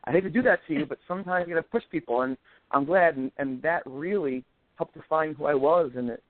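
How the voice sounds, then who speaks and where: A man in his forties, a guest in a casual chat, telling stories with animated delivery and acting out quoted voices. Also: on the high side, quick pace, no room sound. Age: 40s. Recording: tinny phone line.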